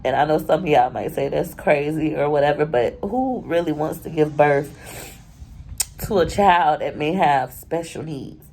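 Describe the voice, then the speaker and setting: A young woman talks to her camera in an emotional personal vlog. She is crying and rambles candidly, her voice a touch low. Faint background noise sits under her voice. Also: moderate pace, a little mellow, rough recording. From Florida. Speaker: YouTuber.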